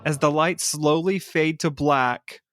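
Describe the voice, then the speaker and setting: A man's voice: a little high, slow, a bit bright, no room sound, studio quality. A man hosting a casual podcast, walking through a show concept with dramatic storytelling narration. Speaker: podcast host pitching a concept.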